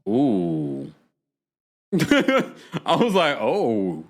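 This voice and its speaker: A man hosting a podcast, casually recapping a reality show in animated, chatty commentary with frequent laughs and dramatic asides. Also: a little high, normal speed, over music.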